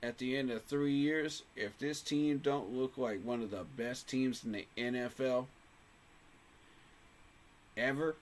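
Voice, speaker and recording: A man's voice: mid-range voice, steady tone, measured pace, pauses often. A man hosting a sports fan channel, talking casually to camera in a passionate, emphatic way and repeating phrases for effect.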